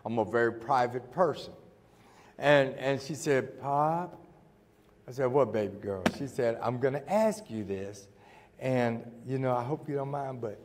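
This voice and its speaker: A middle-aged man preaching a sermon, telling a story and acting out the dialogue before building to shouts. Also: medium pitch, lively intonation, moderate pace. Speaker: pastor. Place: church sanctuary. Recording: church hall with long reverb.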